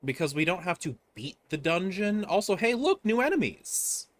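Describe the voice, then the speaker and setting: A man's voice: high voice, sing-song, moderate pace. A man chatting casually while guiding a friend through a co-op game, patiently explaining mechanics step by step. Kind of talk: casual gameplay chat.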